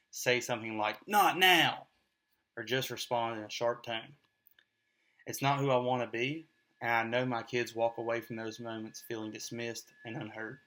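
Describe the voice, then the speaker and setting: A man presenting a class assignment as a parent, in a scripted first-person talk, earnest and measured. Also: mid-range voice, a bit bright.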